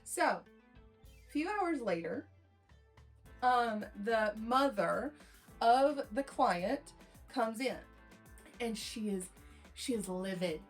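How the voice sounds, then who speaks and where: A woman's voice: a little high, extremely slow, pauses often, soft background music. A young woman hairstylist telling a client story in a casual, rambling storytime way, acting out the quotes. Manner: rambling, chatty, acts out quotes in lively voices.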